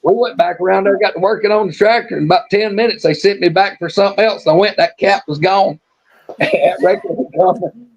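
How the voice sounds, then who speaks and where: A man's voice: high-pitched, brisk, slightly rough. A man telling a folksy yarn in casual talk, drawling and restarting his sentences. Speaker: storyteller on a live show. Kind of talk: casual storytelling. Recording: muffled lo-fi stream audio.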